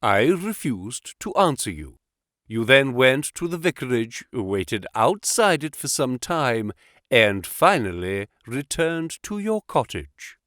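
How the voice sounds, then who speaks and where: A man reading an audiobook, voicing a calm, commanding detective who speaks in a crisp, precise, insistent way. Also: mid-range voice, slow, no room sound, clean studio sound. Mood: calm, assured. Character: cool, commanding male detective, calm and assured.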